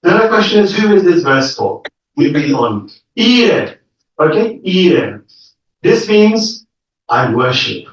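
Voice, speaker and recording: A man's voice: high-pitched, very animated, takes it slowly, dull audio. A man teaching a live scripture class, explaining each word step by step and checking in with the audience. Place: lecture room with an audience. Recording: echoey room, mic far off.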